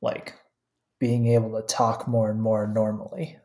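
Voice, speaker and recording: A co-host in a casual anime discussion, talking in a relaxed, laid-back way and laughing softly. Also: mid-range voice, unhurried. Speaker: podcast co-host.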